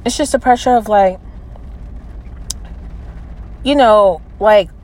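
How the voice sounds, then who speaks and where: A woman in her early twenties venting in a personal vlog. She talks hesitantly, with many fillers and trailing restarts, and sounds low and close to tears. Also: slow pace, darkish tone, poor audio. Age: 20s. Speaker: vlogger.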